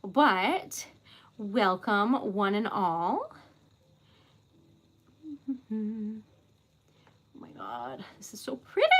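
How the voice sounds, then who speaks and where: A bubbly, excitable woman hosts a casual livestream while making wax seals, giggling often as she chats with viewers. Her voice sits on the high side.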